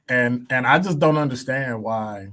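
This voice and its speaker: A man's voice: medium pitch, a little slow, pushed and bright. Guy doing an opinion rant on his show, blunt, keeps asking why why why, normal mid voice. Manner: emphatic, piles up rhetorical questions; blunt, wry asides and chuckles. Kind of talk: opinion commentary.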